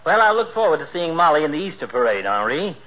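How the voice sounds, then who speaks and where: An actor playing a sharp-tongued small-town doctor in a 1940s radio comedy, wry and needling. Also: male voice, a little high, sing-song, fast, a crowd in the background. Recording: hissy muffled old radio broadcast.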